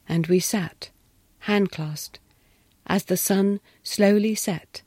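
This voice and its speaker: A woman's voice: medium pitch, fairly even intonation, slow, a little mellow, no echo. A woman narrating a story expressively, often dropping into a whisper.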